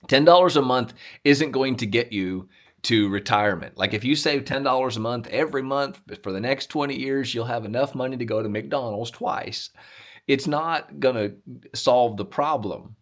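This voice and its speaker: Middle-aged man, host, casual motivational talk, deadpan self-mocking asides, medium-pitched voice. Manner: dry, self-mocking humor.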